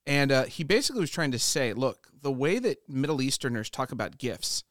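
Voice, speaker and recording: A middle-aged pastor hosting a casual conversation, telling stories in an animated way with many "uh"s. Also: male voice, medium pitch, a little fast, dry recording, clean studio sound. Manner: animated storyteller, warm laughs, fillers like "uh". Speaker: pastor and podcast host.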